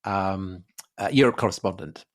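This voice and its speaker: A man's voice: low voice, moderate pace. An English man co-hosting a casual history podcast, talking with many fillers and restarts and chuckling between points. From England. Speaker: podcast co-host.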